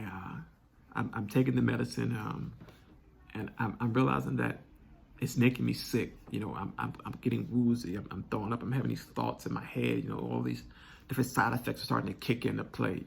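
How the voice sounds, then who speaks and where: A young man telling a personal story candidly, halting and restarting often. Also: fairly low pitch, vocal fry, husky. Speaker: vlog host.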